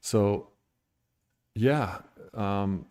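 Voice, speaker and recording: A man's voice: fairly low pitch, drawn-out words, a little mellow. A man talking candidly and bluntly about his recovery on a livestream, irritated and venting with profanity. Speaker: recovery streamer.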